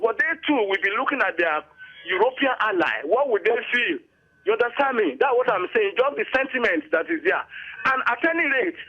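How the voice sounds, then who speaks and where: A Nigerian man in his fifties with a strikingly high voice, speaking as a retired colonel. He lectures in an emphatic, repetitive way, pressing his points home. The audio is muffled and lo-fi. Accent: Nigerian English. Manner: emphatic, repetitive, keeps asking "you understand me?". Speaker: retired army colonel, studio guest. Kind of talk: lecturing interview answers.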